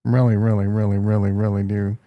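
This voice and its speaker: A man's voice: on the low side, level tone, brisk, narrow, tinny audio. A man with a Midwestern American accent hosting a casual live stock market stream, brash and joking as he reacts to prices and talks to his chat. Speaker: market livestream host.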